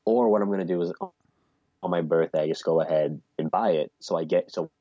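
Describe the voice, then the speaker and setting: A man's voice: low voice, brisk, dry recording, highs cut off. A man co-hosting a podcast, chatting casually and rambling about video game releases. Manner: casual, rambling, mock-formal announcer bits. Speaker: podcast co-host. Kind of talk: casual gaming chat.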